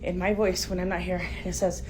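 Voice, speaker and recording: Her voice is on the low side and flat, and she talks quickly. A frightened middle-aged woman holds her phone camera while filming at home, addressing viewers urgently and sometimes whispering, with background noise clearly audible.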